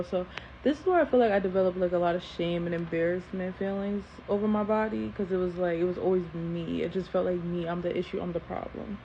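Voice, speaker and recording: A woman tells a personal story on camera in a casual, animated way, often repeating phrases for emphasis. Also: on the low side, brisk. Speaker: storytime host. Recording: dull lo-fi sound with faint hiss.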